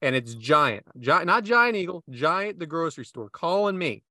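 A man's voice: on the high side, big pitch swings, moderate pace, pushed and bright, dry recording, studio quality. A man hosting a casual podcast, telling a rambling story full of self-asides. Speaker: podcast host.

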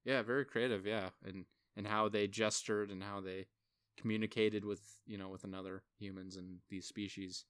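A young man with a smooth, resonant, fairly low voice talks through a movie with a friend. He is lively, and his pitch leaps up whenever he acts out what he was thinking. The recording is close and dry, with no room sound. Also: moderate pace, dry recording. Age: young adult. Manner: animated, acts out his own reactions with big jumps in pitch. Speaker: podcast co-host. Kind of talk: casual film review chat.

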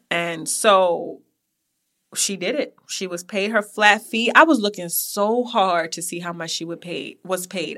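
A woman's voice: on the low side, bright, forceful tone. A young woman hosting a podcast, telling a history story in a casual, chatty way with asides to her listeners. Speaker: podcast host.

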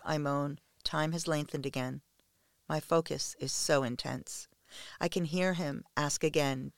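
A man reading a first-person story aloud in a slow, hushed, measured way. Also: fairly high pitch, fairly even intonation, creaky, dry recording, studio quality.

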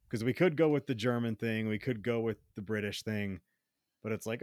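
A man's voice: fairly low pitch, brisk, a little mellow, no room sound, studio quality. A man co-hosting a live stream, chatting casually and asking his friends rambling, curious questions. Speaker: stream co-host. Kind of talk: casual chat.

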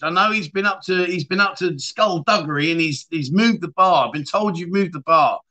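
A man hosting a casual livestream chat show, rambling warmly and reading viewer comments aloud with friendly asides. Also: sits high, normal speed, few pauses. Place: lives abroad in Thailand.

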